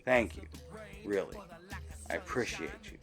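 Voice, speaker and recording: A man's voice: deep voice, animated, a little slow, music in the background. Rambling man giving a casual channel update. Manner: rambling, full of fillers and self-corrections. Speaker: YouTube channel host.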